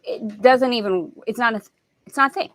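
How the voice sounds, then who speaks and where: Animated middle-aged woman, dry close sound. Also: a little high, moderate pace, no room sound. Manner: animated storytelling, acting out family voices. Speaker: host. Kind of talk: spiritual lesson talk.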